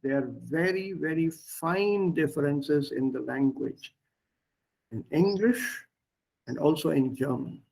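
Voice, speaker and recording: A man's voice: on the high side, takes it slowly, creaky, a little mellow, low-quality recording. A man teaching German in an online class, explaining patiently and repeating words and stresses for his learners. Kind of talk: online language lesson.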